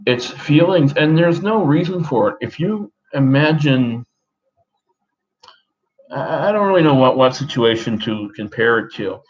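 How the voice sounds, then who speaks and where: A man in his thirties from Australia, talking in a put-on American accent in a halting, rambling personal monologue full of restarts and fillers. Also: medium pitch, lively intonation, muffled recording, slight background noise. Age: 30s. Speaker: vlogger. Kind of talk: personal talk to camera.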